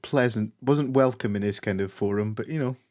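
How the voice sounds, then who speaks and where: A man's voice: lowish voice, fairly quick, a little mellow. A British man co-hosting a gaming podcast, chatting casually and teasing the others. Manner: teasing banter. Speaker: podcast co-host. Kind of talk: casual chat about board games.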